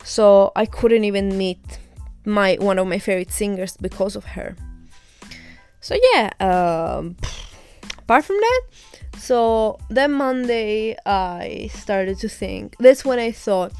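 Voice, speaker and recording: A woman's voice: medium pitch, lively intonation, slow pace, a little mellow, clear, resonant tone, soft background music. Candid young woman venting a story. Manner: candid, indignant retelling with swearing. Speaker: podcast host. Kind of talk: casual storytelling monologue.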